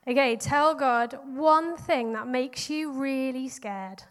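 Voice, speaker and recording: A woman leading children and families through a guided prayer in a church hall, bright and encouraging with pauses between prompts. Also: sits high. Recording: long hall reverb.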